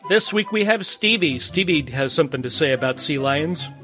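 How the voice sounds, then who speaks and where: A man's voice: a little high, lively intonation, normal speed, sharp tone, faint music behind. A man hosting a podcast in a chatty, playful way, often laughing. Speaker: podcast host. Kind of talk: casual podcast chat.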